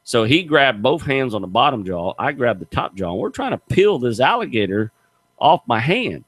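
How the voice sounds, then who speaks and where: A man's voice: on the low side, moderate pace, no room sound. A middle-aged man hosting a radio show, telling stories in a folksy, emphatic way. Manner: animated storyteller, folksy and emphatic. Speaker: radio show host, gator hunter. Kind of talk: casual radio chat, storytelling.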